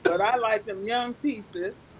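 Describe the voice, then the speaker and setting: A woman's voice: a little high, slow, crowd noise. An older woman, a grandmother, talking brashly and profanely with jokes on a casual panel.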